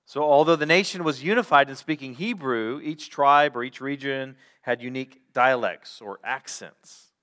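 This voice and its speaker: A pastor preaching a sermon, teaching through a Bible passage with measured pauses. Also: male voice, medium pitch, fairly bright tone.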